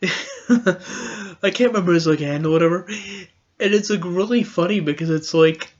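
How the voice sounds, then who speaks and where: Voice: mid-range voice, moderate pace, lo-fi sound. A podcast host giving a casual political commentary monologue, rambling and sarcastic, often laughing.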